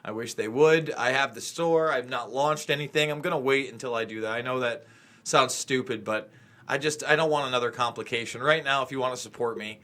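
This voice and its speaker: A man's voice: mid-range voice, brisk, pushed and bright. A man hosting a casual chat, joking and ranting with profanity. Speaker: podcast host.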